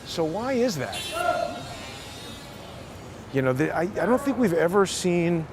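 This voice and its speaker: A man's voice: high voice, big pitch swings, measured pace. A man hosting a vlog, talking in a casual, musing way with restarts as he walks outdoors on a city street. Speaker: vlog host. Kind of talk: casual walking monologue. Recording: loud street traffic noise.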